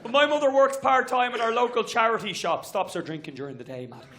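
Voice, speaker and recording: Irish male stand-up, very high voice, quick crowd work, stage mic in a comedy venue. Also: a bit bright, slight background noise. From Ireland. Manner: brisk, chatty, works the crowd with asides. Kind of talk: stand-up set.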